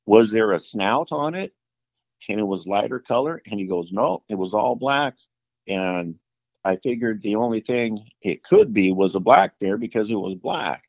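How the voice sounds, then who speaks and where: A man's voice: lowish voice, expressive, moderate pace, vocal fry, a little mellow, no room sound. A middle-aged outdoorsman telling a story casually, rambling with fillers and restarts and acting out the dialogue. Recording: dull lo-fi dry sound.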